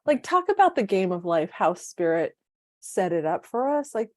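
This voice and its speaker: Lively woman in her fifties, dry close sound. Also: mid-range voice, moderate pace, no echo. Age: 50s. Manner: animated storyteller who acts out quoted dialogue. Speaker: podcast co-host. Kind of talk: casual podcast chat.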